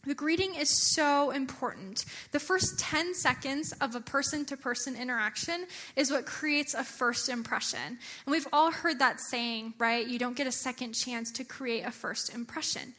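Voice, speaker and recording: Bright, high-voiced woman giving a church talk. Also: normal speed, hardly any pauses. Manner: chatty, animated, with filler words. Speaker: church speaker.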